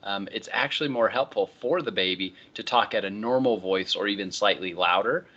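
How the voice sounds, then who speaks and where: A male college instructor giving a relaxed, conversational online lecture, often moving on with "all right, so.". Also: on the low side, fairly quick, dull audio. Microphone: computer microphone.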